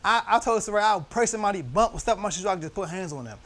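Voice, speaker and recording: A man's voice: high voice, expressive, rapid-fire, a bit bright. A young man leading a church Bible study, telling loose personal stories with slang and frequent laughter.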